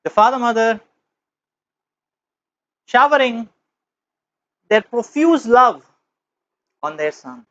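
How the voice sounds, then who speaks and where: A man giving a spiritual lecture as teacher, telling a parable with slow, emphatic, measured phrasing, on a dull lo-fi recording. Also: extremely high pitch, very animated, pushed and bright.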